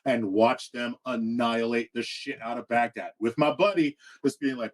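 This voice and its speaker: A man in his forties from the United States, telling a story as a podcast co-host in crude, animated casual chat. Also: medium pitch, normal speed, hardly any pauses, poor audio.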